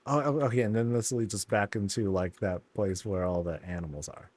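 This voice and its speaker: A man giving laid-back, amused commentary while touring houses in a video game, often laughing and putting on quick silly voices. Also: fairly low pitch, a little mellow, no room sound. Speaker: streamer touring player housing in a game.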